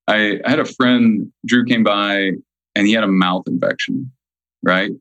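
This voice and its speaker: A man speaking as a nutrition guest in a casual interview, emphatic and slowing down to stress key points. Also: lowish voice, no room sound, dull audio.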